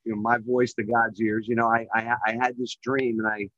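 A middle-aged man telling his story as a guest on a call, rambling and full of filler phrases, getting louder and more excited at the high points. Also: brisk, no room sound, lo-fi sound. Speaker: guest, real estate developer. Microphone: remote call microphone.

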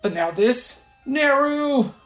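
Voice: medium pitch, lively intonation, a little fast, faint music behind, pitched above the performer's own voice, close to an everyday voice. A game player voicing an earnest young male guardian from a video game who calls out with urgency. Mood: urgent. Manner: urgent, shouting, pleading.

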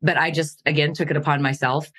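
A woman's voice: sits low, level tone, fast talker, a bit bright, husky. A middle-aged woman from Montana telling her life story candidly as a podcast guest, earnest and laughing at painful memories.

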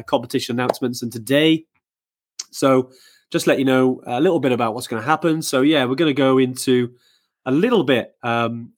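Chatty man co-hosting a live podcast. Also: mid-range voice. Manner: chatty, hesitant with many fillers and restarts. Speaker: podcast co-host. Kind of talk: casual live-stream chat.

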